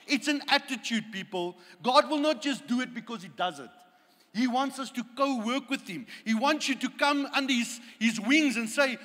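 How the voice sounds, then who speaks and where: A man's voice: very high voice, animated, normal speed, pushed and bright, in a large hall. A man preaching a sermon, praying aloud with impassioned, repetitive phrases. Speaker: pastor.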